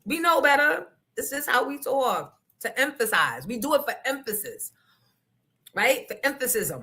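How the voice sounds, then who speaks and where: A woman's voice: high-pitched, sing-song, moderate pace, bright, forceful tone. A woman hosting a livestream talk show, ranting bluntly with lots of profanity and emphasis. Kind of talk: casual livestream rant.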